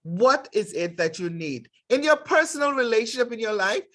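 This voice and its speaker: A woman's voice: a little high, sing-song, moderate pace, a bit bright. A middle-aged woman teaching conflict resolution to nurses, speaking directly and emphatically and acting out short workplace dialogues. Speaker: nursing instructor. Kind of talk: lecture with acted examples.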